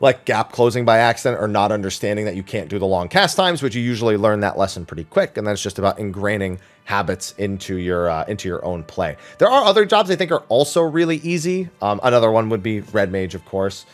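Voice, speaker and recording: A man's voice: on the low side, lively intonation, fairly quick, few pauses, soft background music. A man streaming a weekly Q&A, talking casually and rambling with lots of fillers, restarts and casual swearing. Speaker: streamer answering viewer questions. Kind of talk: casual chat.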